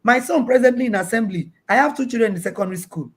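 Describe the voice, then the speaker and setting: Woman guest on a remote call, animated storyteller, stumbles and repeats words, plays her children's lines. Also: on the high side, fast. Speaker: guest parent. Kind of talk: casual storytelling interview. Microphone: video call.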